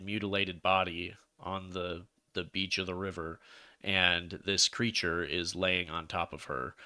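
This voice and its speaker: A man's voice: low voice, bright, forceful tone, clean tone, dry recording, clean studio sound. A man casually retelling a folk legend as a podcast co-host, rambling with restarts. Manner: rambling storyteller with restarts, laughs into jokes. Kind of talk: casual chat.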